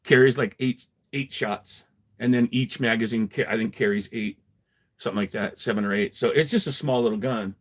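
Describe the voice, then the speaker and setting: A man's voice: medium pitch, brisk. Profane, rambling middle-aged man. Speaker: livestream host. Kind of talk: casual storytelling.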